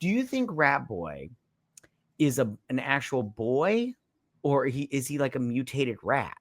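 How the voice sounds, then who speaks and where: Animated man retelling a movie. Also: medium pitch, a little slow, no echo. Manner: animated retelling, acts out scenes. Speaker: podcast host. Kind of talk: casual drunk movie review chat.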